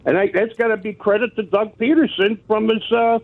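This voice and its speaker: A man's voice: high-pitched, fairly even intonation, a little fast, no room sound. A man calling into a sports radio show, hesitant and full of ums and uhs, heard over a tinny phone line. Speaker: caller. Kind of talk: call-in radio chat.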